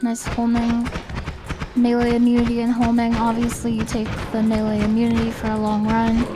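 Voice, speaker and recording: A woman streaming a game, chatting casually and musing aloud, often trailing off into quiet mumbles. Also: on the high side, completely flat delivery, moderate pace. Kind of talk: casual live-stream commentary. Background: game music.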